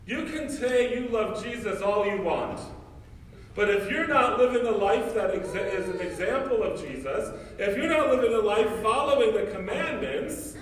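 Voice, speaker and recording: Man preaching, high voice, emphatic rhetorical questions, booming church echo, far from the mic. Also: a little hiss or hum. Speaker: priest. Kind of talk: sermon.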